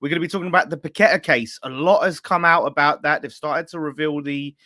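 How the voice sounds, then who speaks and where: Bright-voiced man hosting football chat. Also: a little high, fairly even intonation, fast, dry recording, studio quality. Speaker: fan channel host. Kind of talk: casual pub-style football chat.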